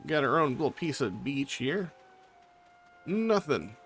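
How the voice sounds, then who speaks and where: A man narrating his game run in a chatty, think-aloud way, pausing to wonder where to go next. His voice is fairly high for a man and swings around in a lively way. Faint game music hums underneath. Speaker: let's play host. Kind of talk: casual gameplay commentary.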